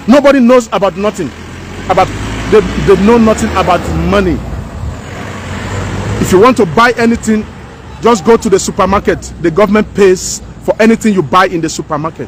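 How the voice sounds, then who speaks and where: A woman's voice: mid-range voice, a little hiss or hum. A woman gives an impassioned opinion vlog outdoors, preachy and fiery, repeating her lines for emphasis. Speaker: vlogger. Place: outdoors by houses.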